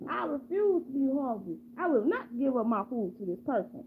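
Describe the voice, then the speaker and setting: A woman's voice: high voice, sing-song, fairly quick. A woman voicing a hungry, stubborn street dog, talking insistently. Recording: tinny phone-like, faint hum.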